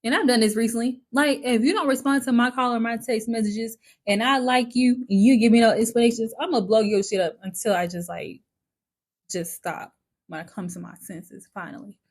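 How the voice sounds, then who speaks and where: A woman vlogger telling a personal story in a casual, candid way, chatty and expressive, with lots of filler words and some swearing. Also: on the high side, a little fast, breathy edge.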